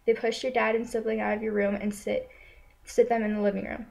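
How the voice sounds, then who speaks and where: A woman telling a story in a slow, solemn, steady manner, returning again and again to the same short lines. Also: fairly high pitch, vocal fry, poor audio. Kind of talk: spoken second-person narration.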